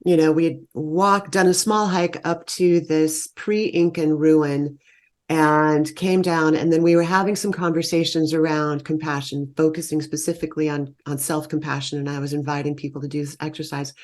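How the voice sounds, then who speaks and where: A woman leading meditation retreats, telling lively travel stories in a conversational interview. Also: deep voice, normal speed. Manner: animated, warm storytelling that lifts into quoted exclamations. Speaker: guest, meditation retreat leader. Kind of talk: conversational storytelling.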